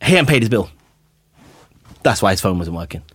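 A man chatting on a podcast, telling lively stories, swearing freely and acting out what people said. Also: on the low side, fairly quick, slightly rough, dry recording. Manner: animated storyteller, swears freely, acts out quotes. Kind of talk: casual chat.

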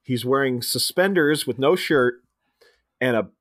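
A man co-hosting a podcast walks through a film's plot a little slowly in a mid-range voice, eagerly acting out quoted dialogue along the way. The audio is clean studio sound without echo.

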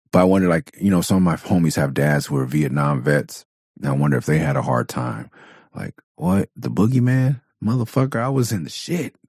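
A man's voice: very deep voice, vocal fry, darkish tone, slightly rough, no room sound, clean studio sound. A man from Southern California hosting his own podcast, a father of four, talking in a blunt, profane, candid way and laughing often. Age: adult parent of four. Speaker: podcast host. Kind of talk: casual podcast monologue.

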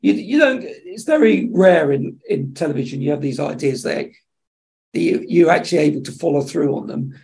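Animated man telling stories. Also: on the high side, normal speed, vocal fry. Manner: animated storyteller acting out dialogue. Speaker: television executive, podcast guest. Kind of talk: anecdotal interview chat.

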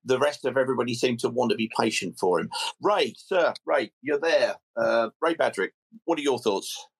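Chatty phone-in host. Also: male voice, medium pitch, expressive, gravelly, slightly rough. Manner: measured, chatty, calls people sir and mate. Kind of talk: fan phone-in presenting.

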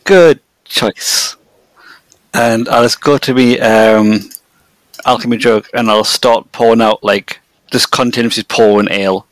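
A man's voice: lowish voice, level tone, normal speed, no echo, low-quality recording. A man playing his tabletop character, friendly and helpful in manner. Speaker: player. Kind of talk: in-character tabletop role-play.

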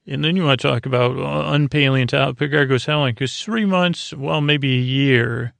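Gravelly relaxed man rambling. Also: medium pitch, normal speed, dry recording. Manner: loose rambling retelling with many fillers. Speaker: podcast host. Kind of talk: casual sleepy recap.

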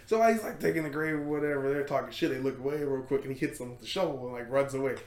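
A man hosting a podcast, retelling a story in casual chat, animated and laughing, with lots of fillers and swearing. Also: medium pitch, racing, echoey room. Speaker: podcast host.

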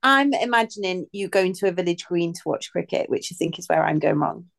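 A woman's voice: on the low side, expressive, a little fast, vocal fry, a bit bright. A British woman co-hosting a podcast, chatting casually with wry, musing remarks. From Britain. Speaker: podcast co-host. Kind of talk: casual chat.

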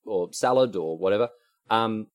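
A man's voice: fairly low pitch, normal speed. A young man with an English accent, co-hosting a casual podcast chat and rambling through stories with lots of restarts. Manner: animated, rambling with many restarts. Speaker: podcast co-host.

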